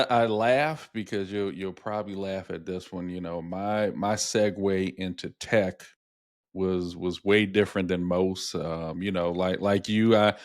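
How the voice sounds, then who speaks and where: In a dry, studio-quality recording, a middle-aged man with a lowish voice co-hosts a casual podcast conversation. He rambles through stories, repeating words and saying "you know" a lot.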